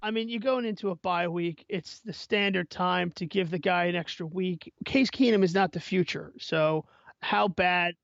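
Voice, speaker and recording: A man co-hosting a fantasy football show, talking loosely and chattily. His voice is high and gravelly, and the sound is dry and dull. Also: fairly even intonation, moderate pace, fairly bright tone, no echo. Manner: loose, chatty, filler-heavy. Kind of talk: casual sports chat.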